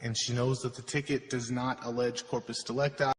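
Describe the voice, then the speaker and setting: A man's voice: mid-range voice, little pitch movement, fairly quick, long reverb tail. A man narrating his own court video, aggrieved and lecturing. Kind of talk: explanatory voice-over.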